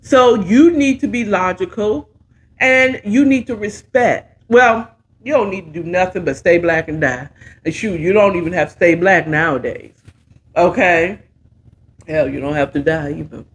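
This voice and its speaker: A woman's voice: on the low side, moderate pace. A middle-aged woman giving casual, sassy, playful commentary while reviewing a talk show.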